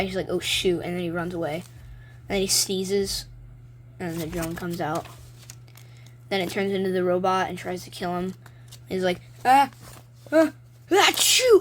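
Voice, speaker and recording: A woman's voice: on the low side, slight background noise. A woman vlogging casually and rambling, with many ums and likes, as she shows her own drawings. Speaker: video maker. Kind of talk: casual show-and-tell vlog.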